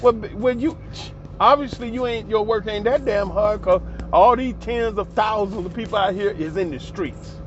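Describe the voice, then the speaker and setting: A man's voice: sits high, moderate pace. A man giving passionate, profane, heated commentary in a ranting vlog. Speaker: commentary vlogger. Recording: slightly dull lo-fi recording.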